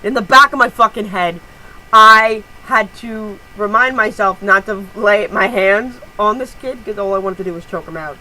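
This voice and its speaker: A woman's voice: mid-range voice, moderate pace, bright, forceful tone, poor audio. A woman vlogging to camera, telling a heated story with lots of swearing and strong emphasis. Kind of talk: casual vlog rant.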